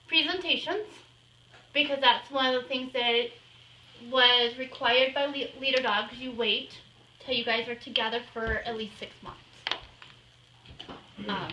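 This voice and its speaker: A woman talking casually and patiently to a group of children in a home, pausing now and then to give short commands to her dog. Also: sits high, pushed and bright. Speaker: guest speaker with a guide dog. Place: indoors in a home. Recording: roomy, distant home-video sound with faint noise.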